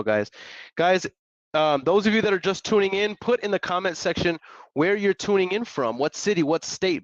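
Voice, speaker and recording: Energetic man coaching live viewers. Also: medium pitch, no echo, lo-fi sound. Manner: energetic, repetitive, hype-coach delivery; casual slang, chatty asides to viewers. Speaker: real estate investor and coach. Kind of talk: live-streamed sales coaching.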